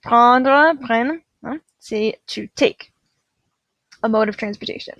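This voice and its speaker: A woman's voice: fairly high pitch, slow, long pauses, fairly bright tone, no room sound. A woman teacher explaining a French verb in English and French, drilling forms with repeated prompts. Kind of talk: classroom grammar lesson.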